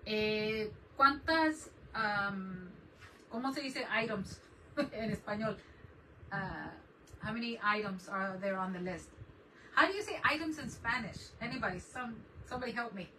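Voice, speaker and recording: Hosting a relaxed craft channel stream from her home desk, a woman speaks at a measured pace in a medium-pitched, sharp-toned voice. She laughs frequently and welcomes viewers by name, with the distant mic catching faint background noise.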